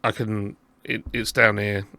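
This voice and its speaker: Chatty gravelly southern English man. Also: lowish voice, little pitch movement, measured pace, sharp tone, no echo. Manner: chatty, rambling, self-deprecating. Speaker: podcast host. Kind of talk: casual chat.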